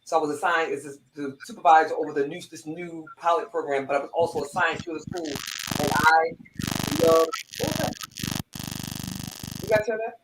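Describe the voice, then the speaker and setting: A woman's voice: sits low, a little fast, reverberant, background noise. A woman, a former police corporal, telling a heartfelt personal story with lots of restarts and repeats.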